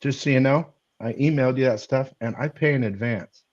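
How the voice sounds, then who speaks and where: A man's voice: medium pitch, fairly quick, darkish tone, highs cut off. A man who runs a comic shop and makes videos, talking in a friendly, plainspoken, businesslike way on a podcast. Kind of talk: casual podcast chat.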